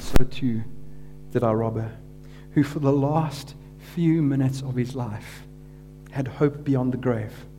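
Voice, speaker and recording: A man delivers a sermon as a dramatic story, swelling with force for the crowd and falling to a near hush for quoted words. His voice is warm and relaxed, at a middling pitch. A faint hum runs beneath the recording. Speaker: preacher.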